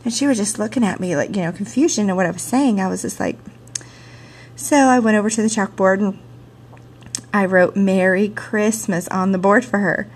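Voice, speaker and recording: Woman storyteller, slightly husky, medium pitch, chatty and animated, home camcorder sound. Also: normal speed. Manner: animated, chatty, laughs often, many "you know" fillers. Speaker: ASL and theater teacher. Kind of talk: personal storytelling. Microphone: handheld camcorder mic.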